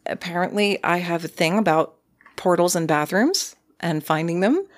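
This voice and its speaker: A woman's voice: lowish voice, moderate pace. A woman telling a personal story in a casual, rambling way, with frequent fillers and hesitations. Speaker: podcast guest.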